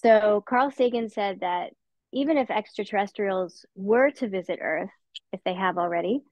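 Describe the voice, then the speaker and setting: A woman's voice: medium pitch, normal speed, no room sound, dull audio. A woman author answering interview questions in a thoughtful, conversational way, sometimes restarting her words. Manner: thoughtful, with restarts and soft laughs.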